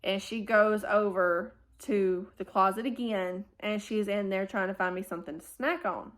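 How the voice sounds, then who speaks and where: A woman's voice: mid-range voice, moderate pace. A woman, telling a family vlog storytime and acting out the people in it. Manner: animated retelling, acting out quoted dialogue. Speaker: family vlogger. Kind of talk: storytime recounting a hospital stay.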